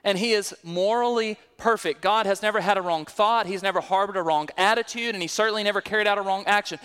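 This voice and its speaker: This pastor's voice sits high and sounds bright, forceful and clean as he preaches at a quick clip. He works through scripture verse by verse, poses rhetorical questions and builds toward emphatic high points, all within a long hall reverb.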